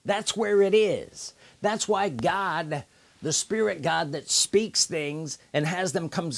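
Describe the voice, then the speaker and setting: A man preaching a sermon, emphatic, repeating key phrases with drawn-out pauses. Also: on the high side, expressive, gravelly.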